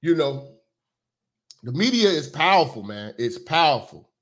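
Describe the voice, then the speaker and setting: Man, high voice, swooping delivery, profane, casual reaction commentary. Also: a little slow. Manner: blunt, profane, animated ranting. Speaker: commentary host.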